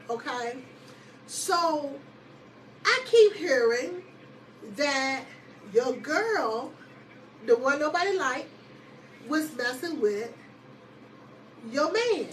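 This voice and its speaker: A woman host casually telling a personal story to her listeners, lively and chatty, often laughing and calling them y'all. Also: sits high, far from the mic, a little hiss or hum, rough recording.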